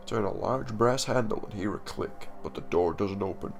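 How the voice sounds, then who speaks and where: A man's voice: fairly low pitch, expressive, normal speed, creaky, faint music behind. A young man who plays a horror text adventure on his channel, reading the game's text dramatically and breaking off into jokey asides and laughter. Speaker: gaming YouTuber.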